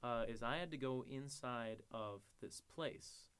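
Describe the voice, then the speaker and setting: A young man tells a crude story on a casual podcast, laughing and acting out the people in it. His voice is smooth and resonant, pitched at an ordinary male middle. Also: measured pace, fairly bright tone. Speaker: podcast co-host.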